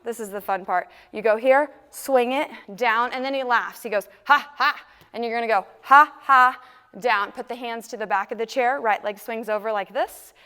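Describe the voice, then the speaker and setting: A woman's voice: a little high, brisk, few pauses, fairly bright tone, clean tone. Upbeat woman counting dance steps, echoey studio. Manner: upbeat, counts moves aloud and sings lyric snippets. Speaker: dance instructor.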